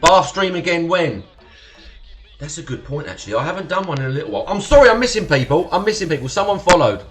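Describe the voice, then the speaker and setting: A young man from Essex, England, with an Essex estuary accent, hosts a live stream, chatting casually, swearing, thanking followers and laughing often. His voice is a little high and fairly bright, with lively intonation and a fast pace. Faint music plays behind him.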